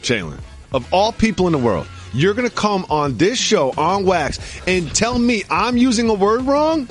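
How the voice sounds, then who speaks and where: A high-pitched man co-hosts a sports talk podcast and works himself into an energetic, mock-outraged rant. Faint music plays underneath. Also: normal speed. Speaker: podcast co-host.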